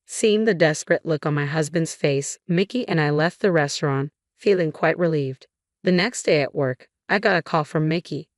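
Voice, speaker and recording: A woman narrating a scripted first-person drama in an even, measured way. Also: low voice, dry recording, clean studio sound.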